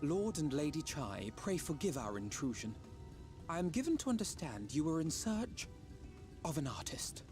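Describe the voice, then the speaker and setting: A courteous young scholar makes his requests in formal, courtly language. His fairly high voice moves lively through each line, with soft game music behind him. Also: normal speed. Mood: polite.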